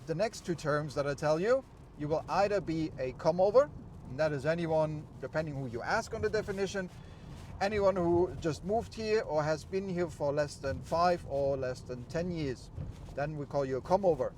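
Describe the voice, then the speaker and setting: A man's voice: on the high side, moderate pace, a little mellow. A middle-aged man with a slight German accent chats in an upbeat, explanatory way as he vlogs from an open-top car. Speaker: vlogger. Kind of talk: casual vlog while driving. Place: open-top convertible outdoors. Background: road and vehicle noise.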